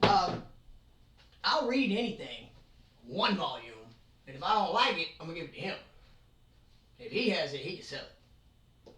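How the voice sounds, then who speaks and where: Excitable rambling host in a roomy bedroom. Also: mid-range voice, moderate pace, pauses often. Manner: rambling and excitable, jokes and asides. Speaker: channel host. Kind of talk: casual manga chat. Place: own bedroom. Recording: roomy, from far off.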